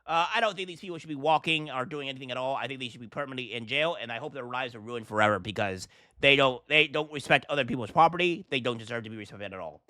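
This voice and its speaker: A man's voice: medium pitch, fast talker, sharp tone, no room sound, clean studio sound. A man hosting a reaction commentary vlog, talking in an indignant, ranting way with rhetorical questions. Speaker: political commentary host.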